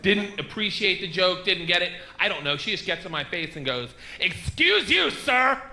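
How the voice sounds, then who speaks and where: A middle-aged man doing a stand-up comedy set, telling stories loudly with shouted punchlines, recorded live on stage with audience noise. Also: high-pitched, a little fast. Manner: loud, animated storytelling with shouted punchlines.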